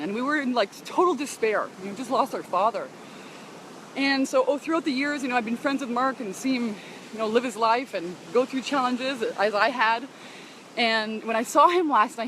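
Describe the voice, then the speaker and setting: A woman with a high voice streams live to her followers as she walks along a beach. She talks in an effusive, emotional way, laughs and sighs often, and greets viewers by name. Faint outdoor noise and passing cars sit behind her voice. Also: a bit bright. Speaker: business coach broadcasting live to followers. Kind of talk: casual live-stream chat.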